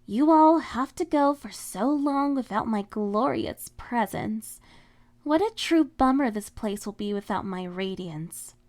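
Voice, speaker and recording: A woman's voice: fairly high pitch, animated, measured pace. A woman voicing a haughty, spoiled teenage girl who talks in a snippy, vain way. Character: haughty spoiled teen girl, bratty and proud.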